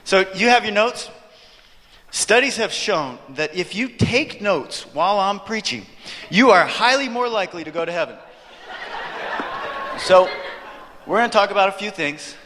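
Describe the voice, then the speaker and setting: A male preacher telling a story in a sermon, animated and joking with the audience. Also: sits high, moderate pace, long pauses, slight background noise. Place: church hall, before an audience. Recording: reverberant hall.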